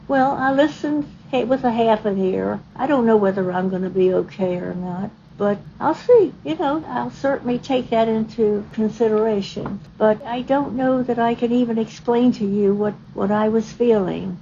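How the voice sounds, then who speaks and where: A woman in her nineties from the American South, soft-spoken with a gentle Southern twang, talking reflectively in a recorded interview. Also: a little high, normal speed, gravelly, few pauses. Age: 90s. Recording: dull lo-fi recording with faint noise.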